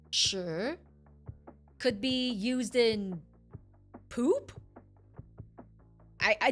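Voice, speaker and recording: A woman streamer rambles through an explanation for her chat and keeps correcting herself as she goes. Her voice sits a little high and swings widely in pitch. Soft music plays faintly underneath. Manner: animated, rambling, self-correcting.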